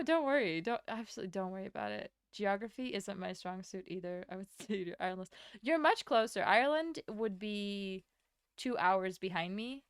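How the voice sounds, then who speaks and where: A young woman from Latvia, a streamer chatting casually with her chat while she draws, rambling and answering with quick laughs. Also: medium pitch, clear, resonant tone, no room sound, clean studio sound. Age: young adult.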